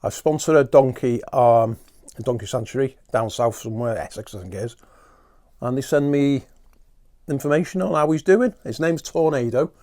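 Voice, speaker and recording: A man's voice: medium pitch, moderate pace, darkish tone. A man hosting a podcast, rambling through a chatty, self-mocking solo comic monologue. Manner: talks while eating at times. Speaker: podcast host.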